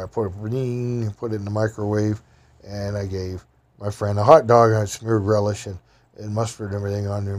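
A man's voice: lowish voice, flat delivery, fairly quick, a little mellow. Folksy rambling male storyteller. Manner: folksy, rambling, casual grammar.

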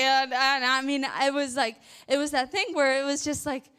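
A woman's voice: sits high, level tone, normal speed, few pauses, bright, forceful tone. A woman with a Southern accent telling a faith testimony in a chatty way, full of fillers and restarts. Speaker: ministry worker sharing testimony.

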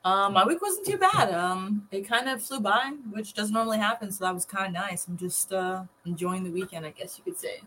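A woman's voice: mid-range voice, fairly quick, hardly any pauses, a little hiss or hum. Female panelist, laid-back and chatty, faint ambience behind, video call. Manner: relaxed, hedging with "um" and "you know". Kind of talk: casual chat.

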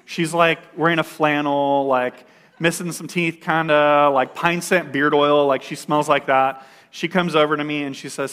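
A young man sharing a personal testimony in a casual storytelling style, full of "like" fillers and animated retelling. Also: fairly high pitch, normal speed, clean tone.

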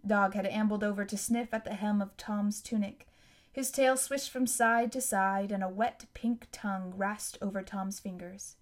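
The clip is scripted audiobook narration: a woman with a mid-range voice tells the story of a novel at a moderate pace, her manner calm and consistent throughout.

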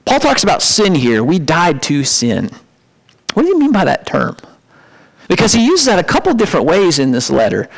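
A man preaching in a relaxed, conversational way, his voice pitched a little high. He ranges widely in tone and leaps up sharply for emphatic asides. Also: normal speed, vocal fry, poor audio. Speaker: pastor. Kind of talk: sermon.

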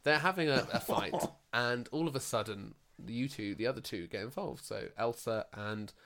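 A man's voice: medium pitch, normal speed, sharp tone. A man hosting a comedy podcast, telling a silly story with lots of bounce and the odd put-on accent. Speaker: podcast host.

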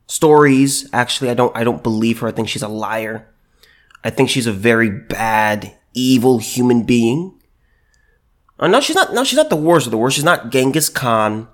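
A man's voice: medium pitch, expressive, moderate pace. A man giving opinionated video commentary and reading news aloud, emphatic and repeating himself, with many restarts.

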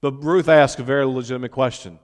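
A male pastor with a steady, mid-range voice preaches a sermon in a big-room acoustic. He stretches out key words in emphatic, drawn-out phrases, then turns to chat informally with his congregation.

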